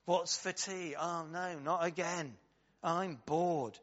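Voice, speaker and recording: A man's voice: fairly high pitch, fairly even intonation, slow pace, fairly bright tone. A chorus of whining, bored children on a long journey, put on by a male preacher, complaining in a slightly raised voice. The sound is dull and muffled, with a long reverb trailing off each phrase. He mimics them mid-sermon. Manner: whinging, complaining.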